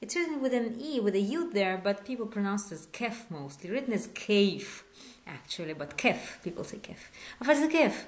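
A woman teaching a Hebrew lesson in English, patient, repeating words slowly and asking questions. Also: medium pitch, animated. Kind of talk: online language lesson.

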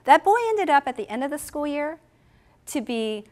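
A woman's voice: sits high, animated, moderate pace, darkish tone. A woman giving a conference talk who tells a story, asks the audience questions and acts out the people she quotes. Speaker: conference presenter for an animal welfare education program.

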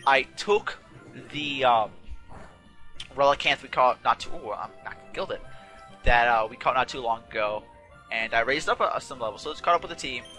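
Over faint game music, a let's play host with a very bright, forward, medium-pitched voice chats at a moderate pace, rambling and often restarting his sentences. He sounds somewhat tired and yawns.

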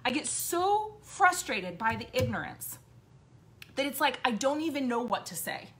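A woman's voice: high-pitched, very animated, unhurried, a bit bright, a little hiss or hum. A woman host giving an impassioned, blunt monologue, swearing often and repeating points for emphasis. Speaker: podcast host.

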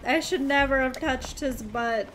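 A woman's voice: high-pitched, measured pace, a bit bright. A woman streaming a video game, commenting playfully, giggling and reading signs aloud. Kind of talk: live gameplay commentary. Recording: game music playing behind the voice.

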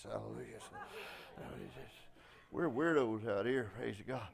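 A pastor with a Southern US accent from Texas, preaching a folksy, emphatic sermon with frequent praise-God interjections. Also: male voice, mid-range voice, a little fast, creaky.

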